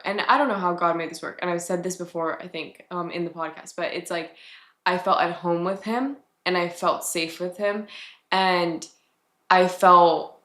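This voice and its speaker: A woman's voice: on the low side, fairly bright tone. A young woman in her twenties sharing a personal faith testimony on a podcast, chatty and reflective with many filler words. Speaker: podcast host. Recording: echoey room.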